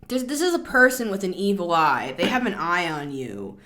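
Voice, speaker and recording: A woman's voice: lowish voice, normal speed, a little hiss or hum. Woman, tarot reader, casual chatty rambling delivery. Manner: chatty, rambling, animated asides.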